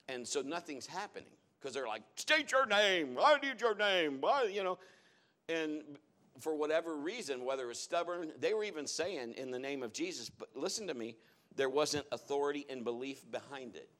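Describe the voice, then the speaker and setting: A man's voice: medium pitch, expressive, normal speed. A man preaching a sermon to his congregation in a church, telling folksy stories as he goes. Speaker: pastor.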